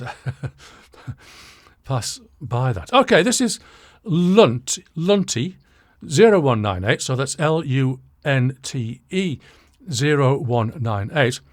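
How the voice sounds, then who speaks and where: An older man hosts a channel, reading out viewer comments with wry, chuckling humor in casual talking-head commentary. His voice is a little high, captured on a shotgun mic with clean studio sound and no echo.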